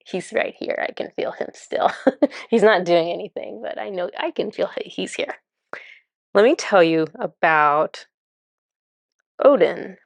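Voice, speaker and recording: A woman telling a story to camera in a casual, chatty way, laughing often and sometimes dropping to a hushed murmur. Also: medium pitch, a little slow, creaky, long pauses, no echo. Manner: chatty and amused, laughs often while recounting. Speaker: spiritual channeler.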